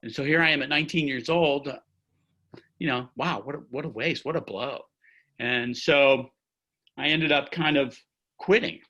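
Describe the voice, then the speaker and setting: A man's voice: mid-range voice, moderate pace, pauses often, pushed and bright, highs cut off. A man in his sixties, a trumpet player, telling a long-winded, rambling story with lots of restarts on a video call from home. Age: 60s. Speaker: orchestra trumpet player, guest. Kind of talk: anecdotal storytelling in an interview. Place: at home by his music stand.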